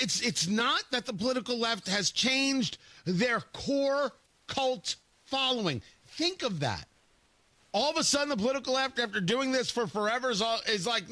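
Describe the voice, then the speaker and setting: A man hosting a morning talk radio show with a high, bright, lively voice that swings up and down. He is sarcastic and opinionated, slipping into mocking quotes. The studio sound is dry and close. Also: normal speed, no room sound. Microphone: studio microphone.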